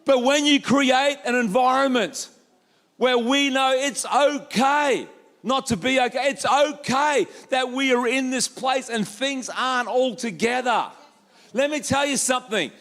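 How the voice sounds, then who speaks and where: A man preaching a lively sermon as pastor, acting out quoted voices with jokey asides. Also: very high voice, measured pace. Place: church hall.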